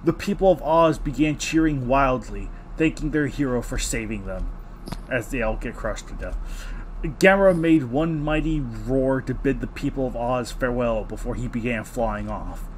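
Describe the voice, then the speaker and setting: A man's voice: mid-range voice, moderate pace, slight background noise. Sarcastic man reading fan fiction aloud. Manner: mocking, breaks off reading to joke. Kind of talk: comedic read-aloud with sarcastic asides.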